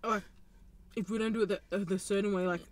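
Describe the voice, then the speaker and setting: A woman co-host telling relaxed, joking family stories in a casual chat. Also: mid-range voice, fast talker.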